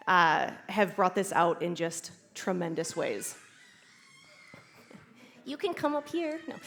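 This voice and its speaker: Animated woman giving a conference talk. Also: on the low side. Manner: animated, laughs often, acts out inner voices. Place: conference stage before a live audience.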